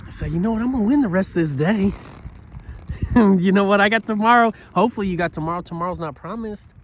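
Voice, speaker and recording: Man, 30s, high voice, motivational talk, earnest, preachy, loud-to-quiet swings, faint vehicle hum. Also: fast talker. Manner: earnest and preachy, many "you know what?" asides; swings between loud bursts and quiet low passages. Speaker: motivational speaker.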